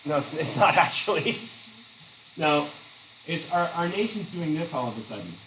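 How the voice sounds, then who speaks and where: In an echoey classroom with a faint hum in the background, a man teaches at a moderate pace. His voice is slightly high, and he's animated and talkative, stopping now and then to share stories and laugh at them.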